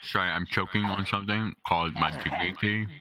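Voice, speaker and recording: A man with a very deep voice that still sounds bright and clear, chatting with friends. He tosses in quick joking asides. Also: fairly even intonation. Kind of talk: casual chat.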